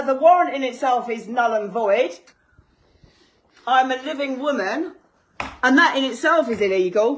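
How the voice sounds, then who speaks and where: A woman, arguing indignantly and sarcastically with police and bailiffs inside her own home. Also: high-pitched. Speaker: homeowner confronting bailiffs and police. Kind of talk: heated argument filmed at home. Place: hallway and kitchen of a house, indoors.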